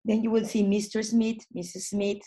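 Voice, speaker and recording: A woman's voice: medium pitch, normal speed. A woman trainer leading an online lesson on phone English for tourism staff. She speaks in non-native phrasing with frequent restarts. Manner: lively teaching, acts out short phone dialogues.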